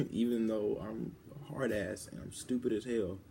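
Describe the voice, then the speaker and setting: Speaking in a low, dark, creaky voice with a steady tone, a teen vlogger rambles haltingly through a personal video, often restarting. He seems near tears, with faint noise in the background.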